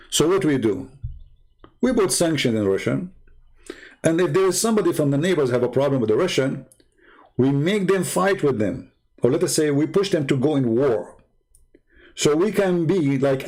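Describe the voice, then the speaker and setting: A man's voice: medium pitch, a little mellow. A man with a mid-range voice talks through world politics in a loose, unscripted way. He is sarcastic and mocking, and he often laughs at his own points. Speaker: channel host. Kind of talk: casual political commentary.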